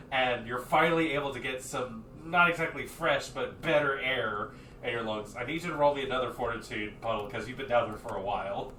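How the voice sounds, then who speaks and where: A man's voice: medium pitch, a bit bright, echoey room, recorded from a distance, a little hiss or hum. A man narrating a tabletop game as game master, rambling with many fillers and restarts.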